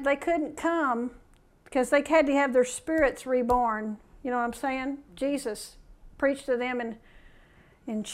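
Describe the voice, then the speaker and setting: A middle-aged woman preaching a conversational sermon, reading scripture aloud and asking the listeners questions. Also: on the high side.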